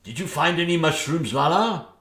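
A man's voice: fairly high pitch, animated, normal speed, a bit bright. A man voicing a bumbling, henpecked old king with a posh, dithering manner. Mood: flustered. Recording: echoey room.

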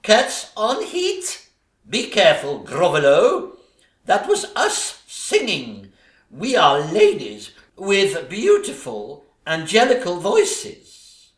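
A man's voice: sits high, wildly swooping pitch, slow, exaggerated voice. A man camping up a shrieking vain ugly stepsister. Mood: catty. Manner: camp, shrieking, teasing sing-song delivery. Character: bickering vain ugly stepsisters, catty and boastful. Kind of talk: pantomime stage comedy. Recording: echoey stage recording.

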